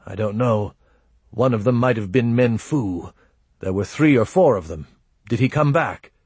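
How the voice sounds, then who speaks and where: A man voicing a jumpy older father, his husky voice climbing high as fear takes hold. He presses with one worried question after another, in a dry close storybook reading. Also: moderate pace, a little mellow, no echo, natural voice. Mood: urgent. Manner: urgent, fretful questioning. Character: anxious older father, easily spooked.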